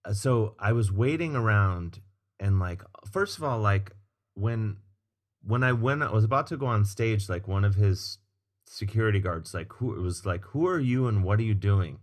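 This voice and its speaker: A man's voice: lowish voice, moderate pace. A man, a comedian and musician guest, telling casual stories on a podcast, swearing freely and acting out the people he quotes. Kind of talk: casual storytelling chat.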